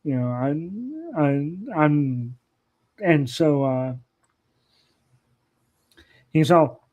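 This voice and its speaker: A man's voice: a little high, animated, very slow, long pauses, mellow. A man on a podcast as a guest, telling family stories in a casual, rambling way with plenty of fillers and restarts. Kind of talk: casual anecdotal storytelling.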